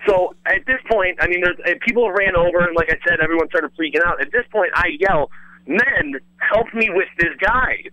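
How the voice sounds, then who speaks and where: A man tells a story in an animated, casual way, restarting sentences and tossing in curse words. His voice sits a little high and sounds bright and forceful. It has a tight, clipped edge. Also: fast talker, hardly any pauses, no echo, highs cut off. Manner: rambling, restarts with lots of "like", swears freely. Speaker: former radio host telling a story as a guest.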